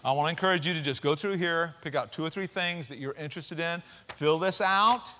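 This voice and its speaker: A man preaches to his church with a high, bright, somewhat tense voice. He is energetic and conversational, slipping in jokes and casual asides. The delivery is a lively sermon. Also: fairly quick, a little hiss or hum. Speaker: pastor.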